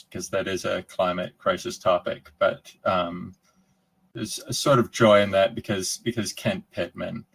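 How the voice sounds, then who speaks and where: A man's voice: low-pitched, creaky, a bit bright, breathy edge, poor audio. A man answering questions on a video call in a loose, rambling way, often restarting and repeating words. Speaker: conference speaker answering questions. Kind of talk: casual Q&A chat.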